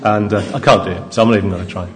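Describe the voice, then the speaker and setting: A man's voice: lowish voice, steady tone, racing. Chatty male preacher in a reverberant hall. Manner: conversational and jokey, with restarts and asides to the congregation. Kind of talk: sermon. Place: church.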